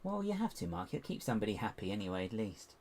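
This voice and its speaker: A man's voice: on the low side, fast. A man chatting casually on a live stream while he builds, muttering to himself as he hunts for parts and poking fun at himself. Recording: steady background hiss with clicks.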